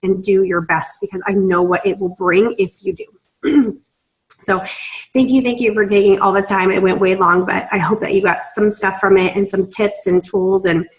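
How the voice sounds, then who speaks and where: A woman's voice: medium pitch, fairly even intonation, moderate pace, low-quality recording. Woman, young adult, team leader, video call, emotional, gushing, close to tears. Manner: emotional, gushing, many fillers. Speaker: team leader in a sales business.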